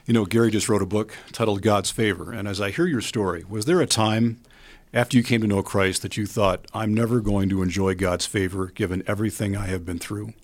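A man hosting a talk show, calmly asking a guest a question. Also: fairly low pitch, a little fast. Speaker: host. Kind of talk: interview question.

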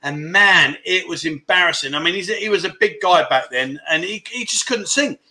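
Bloke hosting a live chat, quite bright and a bit high, lots of mate and my friend. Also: male voice, lively intonation, moderate pace. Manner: chummy banter, calls viewers "mate" and "my friend". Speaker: livestream host. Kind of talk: casual livestream chat, reading viewer comments. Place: home.

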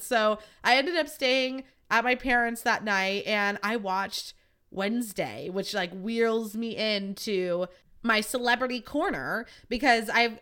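Bright, chatty young woman podcast host. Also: medium pitch. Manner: chatty, swears freely, acts out quotes in a raised voice. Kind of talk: casual chat.

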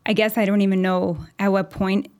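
A woman's voice: mid-range voice, little pitch movement, darkish tone. Chatty woman full of "you know". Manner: chatty, many "you know" fillers, quick laughs. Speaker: mortgage lender, interview guest. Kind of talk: casual interview chat.

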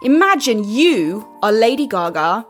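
A woman's voice: fairly high pitch, sing-song, a little slow, faint music behind. A woman co-hosting a casual chat, teasing the others dryly. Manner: dry, teasing. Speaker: podcast co-host.

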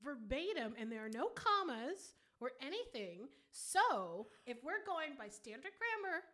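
A woman's voice: sits high, very animated, measured pace, sharp tone. A woman co-hosting a casual chat, joking and laughing as she tastes a drink with a friend. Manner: playful, joking, laughs often. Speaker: podcast co-host. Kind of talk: casual chat, tasting vodka.

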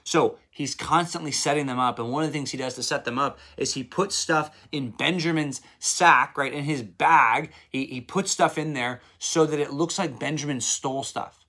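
A man giving a casual Bible devotional, retelling scripture in a lively paraphrase with acted quotes. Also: on the high side, normal speed, few pauses. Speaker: Bible teacher.

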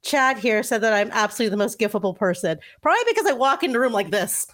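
A woman's voice: on the high side, lively intonation, fast talker, a bit bright. Playful woman reading viewer comments. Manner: playful, reads audience comments. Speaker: co-host. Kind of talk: live show hosting.

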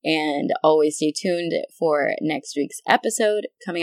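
A woman's voice: low voice, a little slow, a little mellow, no echo, clean studio sound. A woman co-hosting a podcast, signing off in a playful, chatty way. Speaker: podcast co-host. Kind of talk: casual podcast sign-off.

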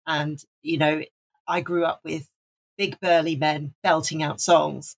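A woman's voice: sits low, little pitch movement, measured pace, creaky. A woman from Wales, co-hosting a podcast, talking casually and enthusiastically with frequent restarts. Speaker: podcast co-host. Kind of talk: casual chat.

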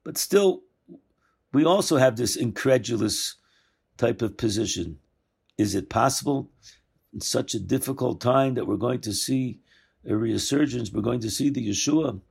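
Gravelly-voiced man teaching Torah. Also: mid-range voice, moderate pace, a little mellow. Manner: discursive, self-correcting, acts out quoted lines. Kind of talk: weekly Torah lesson.

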